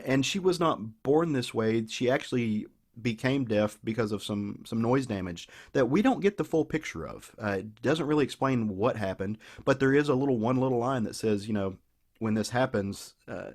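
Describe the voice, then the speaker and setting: A man's voice: lowish voice, moderate pace, darkish tone. A man with a Southern US accent on a podcast, eagerly retelling a comic book story in a rambling, casual way full of restarts. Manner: enthusiastic, rambling, many restarts. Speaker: podcast co-host.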